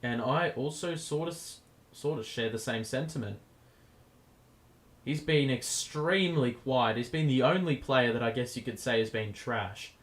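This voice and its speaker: A man hosts a live stream and calls the game play by play. His commentary is casual, and his voice is going hoarse. He lifts sharply in volume and pitch whenever a big play happens. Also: a little slow. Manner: casual, gets loud over big plays. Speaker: stream host.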